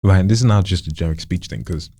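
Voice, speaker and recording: A man coaching a friend in voice acting, demonstrating lines with lively swoops of pitch. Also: fast talker, no room sound. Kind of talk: casual coaching session.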